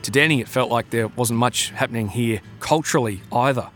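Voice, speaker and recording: A man narrating a documentary in a measured, scripted way. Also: medium pitch, a bit bright, soft background music.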